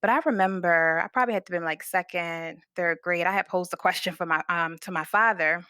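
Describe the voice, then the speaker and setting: Bright-voiced woman in reflective talk. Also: fairly low pitch, fairly quick, clean tone, no echo, studio quality. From Baltimore, United States. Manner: thoughtful, leans heavily on "like" fillers. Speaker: podcast guest and creator. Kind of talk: casual reflective conversation.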